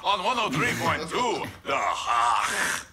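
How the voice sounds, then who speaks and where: A bright, shouty cartoon radio DJ. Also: male voice, fairly high pitch, sing-song, slow, husky, exaggerated voice. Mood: hyped. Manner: hyped, shouting. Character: jovial radio DJ man.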